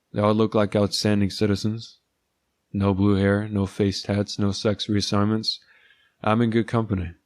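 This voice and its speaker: Male storyteller, lowish voice, dry sardonic first-person read, very dry room. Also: darkish tone, no room sound. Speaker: narrator.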